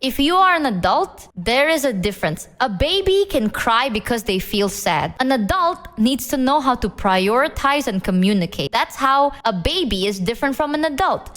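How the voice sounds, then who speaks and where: Stern blunt mother lecturing, reverb on, as a woman streamer quotes her; lively pitch. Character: stern blunt mother handing out life advice.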